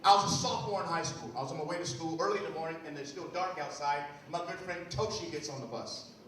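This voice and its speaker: Male motivational speaker, high-pitched, storytelling with dramatic pauses, distant mic in a very echoey hall. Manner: storytelling, dramatic pauses, lively acted quotes. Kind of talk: motivational speech to students. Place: large school hall or gym. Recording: very echoey hall, far-off mic, faint noise.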